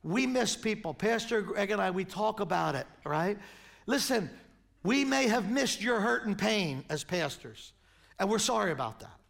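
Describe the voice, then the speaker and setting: Older male pastor in his sixties with a high, gravelly voice, animated sermon storyteller. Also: normal speed.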